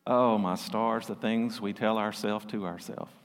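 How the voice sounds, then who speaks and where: A man pastor preaching a sermon, lively and laughing often as he mimics voices. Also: on the low side, measured pace, smooth. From South Arkansas. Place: church sanctuary. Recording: long reverb of a church hall.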